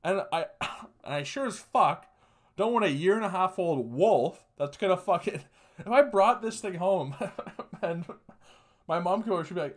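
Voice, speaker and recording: A man's voice: sits high, lively intonation, normal speed. A young man hosting a podcast, rambling through a personal story with lots of swearing and laughing asides. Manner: profane, rambling, laughs through sad stories. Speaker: podcast host. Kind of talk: casual storytelling monologue.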